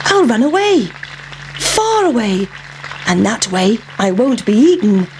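A woman voicing a cheeky runaway pancake with a high, squeaky, taunting voice in a storybook reading. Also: very animated, a little slow, a little hiss or hum. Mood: worried.

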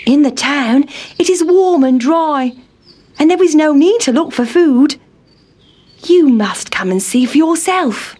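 A woman voicing a fussy, complaining male town mouse in a storybook reading, raised high and whiny. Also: animated, measured pace, dark tone. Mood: coaxing.

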